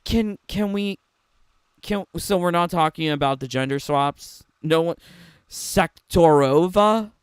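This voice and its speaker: A man's voice: fairly high pitch, unhurried, smooth, dry recording, clean studio sound. A man giving sarcastic, mocking reaction commentary on a game trailer, laughing often. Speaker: gaming commentator.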